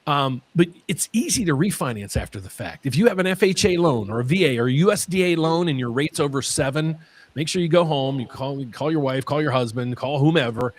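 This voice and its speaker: A man hosting a mortgage Q&A stream, talking in an excitable way and often repeating his words. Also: fairly high pitch, brisk. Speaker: mortgage lender host.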